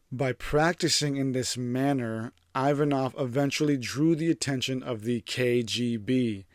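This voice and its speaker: A man's voice: medium pitch, a little mellow, dry recording, studio quality. Man hosting with irreverent, profane asides. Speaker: host. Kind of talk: casual commentary over a scripted narration.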